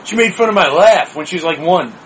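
A man's voice: high-pitched, expressive, fast talker, fairly bright tone, a little hiss or hum, low-quality recording. A man who is a regular on a podcast, chatting casually, crude and boastful. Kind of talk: casual chat.

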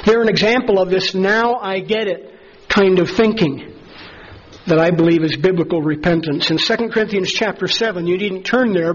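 A man preaching a sermon as pastor, earnest and measured, slowing down to stress key phrases. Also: sits high, husky, lo-fi sound.

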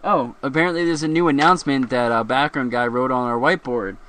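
Here the Philadelphia-area host is quick-paced and fairly bright in tone, his pitch medium. He rambles through the casual live show, joking and laughing often.

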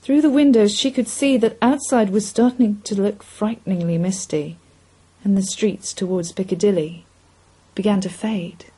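A woman reading a short story aloud in an expressive, measured storytelling voice. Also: mid-range voice, slightly rough, low-quality recording. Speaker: reader. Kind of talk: scripted story narration.

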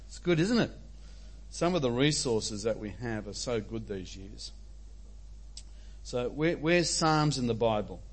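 A man's voice: medium pitch, expressive, measured pace. A man preaching a sermon as pastor, conversational and emphatic.

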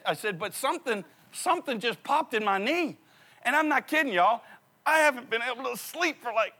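A middle-aged man preaching a sermon, telling stories with animated repetition of key phrases. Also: extremely high pitch. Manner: animated storytelling, repeats phrases for emphasis. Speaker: pastor.

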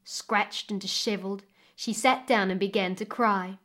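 Woman storyteller reading a folk tale, measured and expressive. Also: medium pitch. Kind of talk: storytelling narration.

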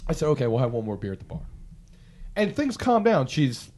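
A man's voice: medium pitch, brisk, crowd noise. A man telling a long story in casual chat, rambling and profane, acting out what people said. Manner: rambling, profane, animated, acts out quotes. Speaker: podcast co-host telling a story.

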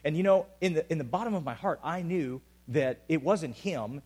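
A man preaching a sermon as pastor to a congregation, swinging between loud urgent calls and quiet, intimate asides. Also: a little high, expressive, moderate pace, slightly rough. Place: church hall with an audience.

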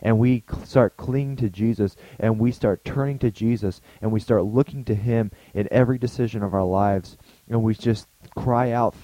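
A man's voice: fairly low pitch, fairly even intonation, normal speed, warm tone, dry recording, rough recording. A man giving a short, earnest daily devotional talk as a pastor, speaking conversationally and often restarting his sentences.

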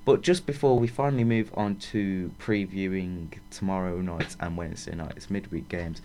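Brief: male co-host, low-pitched, chatty and quick to laugh, faint hiss behind. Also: fairly even intonation, mellow. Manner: chatty, laughs often, stumbles reading aloud. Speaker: football podcast co-host. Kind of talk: casual chat, reading results and predictions.

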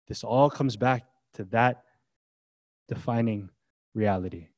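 A man's voice: medium pitch, slow pace, pauses often. Emphatic male pastor preaching. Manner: swings from hushed to loud and emphatic, casual asides. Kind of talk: sermon.

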